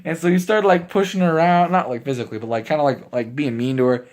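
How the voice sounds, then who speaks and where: A man casually recapping a movie for his channel, rambling with lots of fillers and breaking into laughs as he gets excited. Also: a little high, quick pace. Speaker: movie reviewer.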